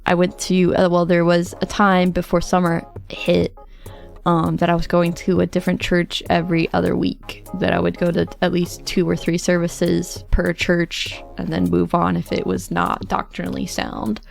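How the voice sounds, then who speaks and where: Gravelly chatty woman streamer. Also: on the low side, flat delivery, moderate pace, soft background music. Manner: chatty, tells stories with quoted asides, laughs often. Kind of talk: casual storytelling chat.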